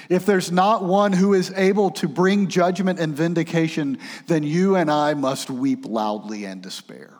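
Male preacher, fairly high voice, loud urgent peaks and hushed lows, long hall reverb. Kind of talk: sermon.

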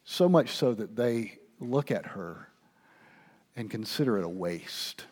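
A male pastor preaching a sermon, asking his listeners questions and swinging between hushed asides and loud emphasis. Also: fairly low pitch, animated, slow pace. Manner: conversational, asks the congregation questions.

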